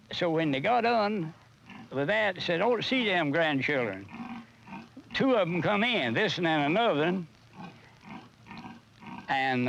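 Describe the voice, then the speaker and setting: Slow, high-voiced older farmer. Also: male voice, gravelly, a bit bright, a little hiss or hum. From North Carolina. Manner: halting, with many restarts and fillers. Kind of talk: casual reminiscing. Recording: dull 1970s film soundtrack.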